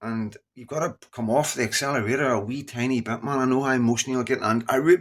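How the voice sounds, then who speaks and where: A man's voice: mid-range voice, fairly even intonation, fast, few pauses. A middle-aged man with a Scottish accent, talking casually and earnestly to his viewers, rambling and repeating himself as he goes. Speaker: YouTuber. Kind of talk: casual straight-to-camera talk.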